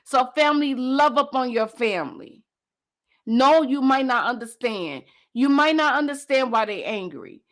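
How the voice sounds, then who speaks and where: A woman's voice: high-pitched, animated, normal speed. A woman host and coach giving a passionate motivational talk, driving points home by repeating phrases.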